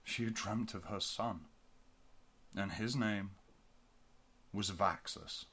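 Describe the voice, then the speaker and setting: A man reading a science-fiction audiobook in a low, steady voice. His storytelling is measured and even, pausing between phrases. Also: slightly rough. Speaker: audiobook reader. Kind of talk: fan audiobook narration.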